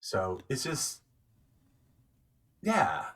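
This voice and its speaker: A young man with a husky, bright voice chats casually as a podcast guest. His pitch jumps all over as he tells stories. He slides between quiet, trailing mumbles and sudden loud, excited bursts. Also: extremely slow, far from the mic. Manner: animated storyteller, swings from low mumbling to loud excited bursts. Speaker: podcast guest, actor and narrator. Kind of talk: casual chat.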